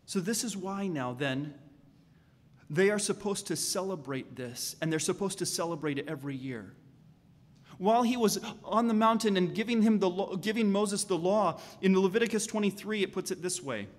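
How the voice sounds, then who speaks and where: A male pastor preaching with a high, light voice that rings through a reverberant hall. He is animated and slips into the voices of the people in his story as he tells it. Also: moderate pace. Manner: animated, acts out voices of the Israelites and God. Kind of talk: sermon.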